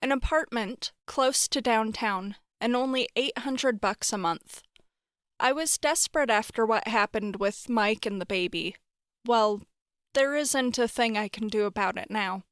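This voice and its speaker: Give me a wry, expressive woman narrator for a horror story, bright-pitched and smooth. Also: unhurried, no echo, clean studio sound.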